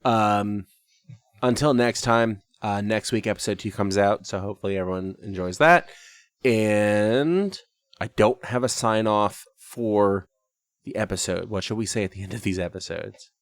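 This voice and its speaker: A man with a low, gravelly voice hosts a casual talkback chat about his tabletop game. He rambles, pokes fun at himself and laughs often. The recording is dry and close. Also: unhurried, no echo. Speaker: podcast host and game master.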